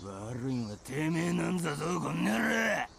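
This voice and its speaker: A man voicing a violent, hot-tempered young street thug in a visual novel game, barking shouted threats in a gravelly voice. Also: on the high side, sing-song, fast, a little hiss or hum, heavily acted. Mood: angry. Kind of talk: Japanese game voice acting.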